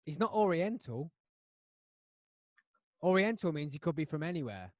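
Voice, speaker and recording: Rambling man, fairly high voice. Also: normal speed, no room sound, clean studio sound. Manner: rambling, animated storytelling with restarts. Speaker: podcast host. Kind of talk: casual chat.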